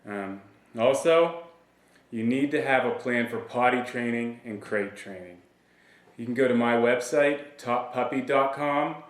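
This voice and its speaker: A man gives a relaxed, plain-spoken lesson as a dog trainer, talking at a middle pitch. He drops in easy fillers as he explains. His voice sits back from the mic in a roomy space with noticeable reflections. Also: unhurried. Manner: relaxed, plain-spoken, with frequent "you know" and "um". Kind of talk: casual instructional demonstration. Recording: roomy sound from a distance from the mic.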